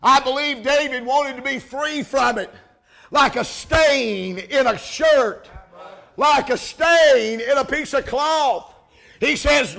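A man preaching a revival sermon, shouting and rising to impassioned cries. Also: very high voice, slow, creaky.

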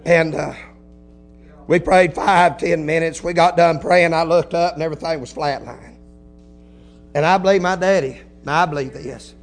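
A man preaching a folksy sermon, telling a story quietly, then building to shouted preaching with hallelujahs. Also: fairly high pitch, fairly even intonation, normal speed, faint music behind. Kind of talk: Pentecostal-style sermon.

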